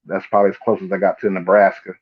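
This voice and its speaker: A man's voice: low voice, racing, breathy edge, phone-quality sound. A man from Southern California hosting a live podcast, telling stories in casual, profane chat and acting out other people's lines. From Los Angeles area, Southern California. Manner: profane, animated storytelling with imitated voices. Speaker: podcast host.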